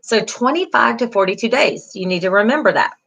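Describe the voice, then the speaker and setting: A woman's voice: fairly high pitch, expressive, a little fast, gravelly, fairly bright tone. A middle-aged woman, a beauty school instructor giving an online class lecture, encouraging, with many fillers, repeating key terms.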